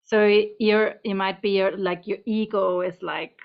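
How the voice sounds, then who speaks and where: A woman's voice: medium pitch, fairly even intonation, unhurried, creaky, few pauses. A woman giving a casual tarot reading to camera at home, chatty and meandering, slightly out of breath. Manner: chatty, meandering, talks to her cat between points. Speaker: tarot reader. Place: home room. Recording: dull lo-fi sound.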